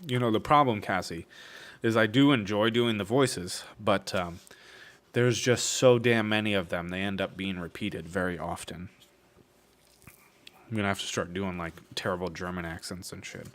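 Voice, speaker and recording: A man's voice: low voice, moderate pace, a bit bright. A man streaming a casual book reading, breaking off with wry, swearing jokes between passages. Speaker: streamer reading a novel aloud.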